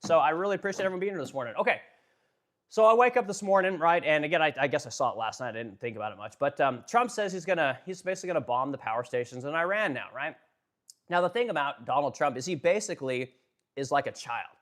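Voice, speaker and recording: A man's voice: a little high, animated, quick pace, fairly bright tone. A man hosting a casual political live stream. He talks bluntly with lots of swearing and fillers. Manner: blunt, profane, filler-heavy. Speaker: live-stream host, furniture business owner.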